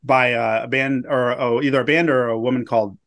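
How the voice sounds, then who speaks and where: A man's voice: mid-range voice, steady tone, brisk, fairly bright tone. Male co-host, easygoing banter, plenty of jokes. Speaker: podcast co-host. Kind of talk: casual recap chat.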